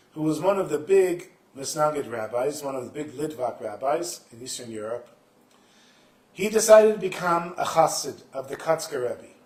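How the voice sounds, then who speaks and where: A man telling Hasidic stories to a live festival audience, acting out the characters with sudden shouted lines. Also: fairly high pitch, echoey room. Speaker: storyteller.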